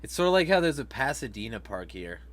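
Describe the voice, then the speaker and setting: A man hosting a casual livestream vlog at a mid-range pitch. He swears a lot, laughs between remarks and reacts out loud to viewer comments. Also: big pitch swings, fast talker. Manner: profane, laughing, reads chat comments aloud. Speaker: vlog host.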